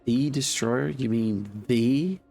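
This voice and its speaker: A man's voice: mid-range voice, slow pace, vocal fry, dark tone, faint music behind. A congested man streaming a game, chatting casually in a wry, rambling way with many fillers. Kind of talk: casual gameplay commentary.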